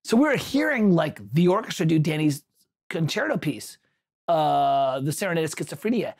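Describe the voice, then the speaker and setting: A man's voice: on the high side, very animated, moderate pace, vocal fry. A man hosting a livestream, chatting casually, telling a rambling anecdote with self-corrections and answering viewers' chat.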